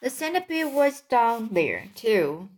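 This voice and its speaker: A woman reading a children's storybook aloud, slow and careful, with occasional slips. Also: fairly high pitch, big pitch swings, a little mellow. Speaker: reader.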